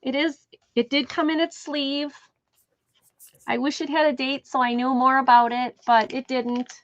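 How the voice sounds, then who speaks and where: A woman's voice: sits high, fairly even intonation, moderate pace, dry recording. Chatty woman on dull lo-fi stream audio. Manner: chatty, thinks aloud while describing items. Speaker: live sale host. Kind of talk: casual live sale chat.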